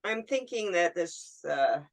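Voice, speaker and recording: Woman doing a resin pour demo, slow easygoing talk, chatty, mutters to herself as she goes. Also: on the low side, expressive. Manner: chatty, talks to herself while working, laughs easily. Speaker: resin art tutorial host. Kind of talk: casual hands-on demonstration.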